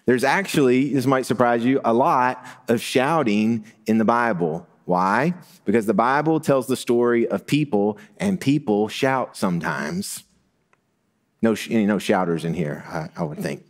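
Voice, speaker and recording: A middle-aged man preaching a sermon in an easygoing, conversational tone. His pitch sits in an ordinary male middle range, and he leans into points with rising emphasis. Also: animated, a little slow. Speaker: pastor.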